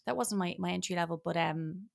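A woman chatting as a podcast guest, rambling and animated. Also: lowish voice, brisk, gravelly. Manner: rambling, animated, drops into mock voices. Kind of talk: casual chat.

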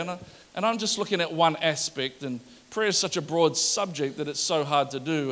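High-voiced, bright energetic preacher man. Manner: energetic, animated preaching to a congregation; reads scripture with rising emphasis. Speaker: pastor. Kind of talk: sermon.

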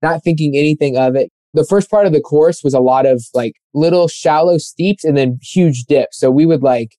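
A man's voice: a little high, normal speed, dark tone, dry recording. A young man telling a running story in a casual, rambling chat, full of fillers and acted-out quotes. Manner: rambling, filler-heavy, acts out quoted voices.

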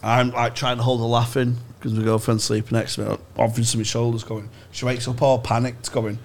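A man co-hosting a comedy podcast, chatting casually with quick, laughing banter. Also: mid-range voice, little pitch movement, creaky, darkish tone. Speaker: podcast co-host.

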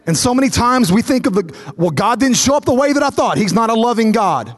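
This male pastor, in his thirties, speaks at an extremely high pitch with big swings, moving fairly quickly. Preaching in a large church auditorium, he acts out stories in character voices and builds toward fervent repetition, with a big hall's long reverb around him.

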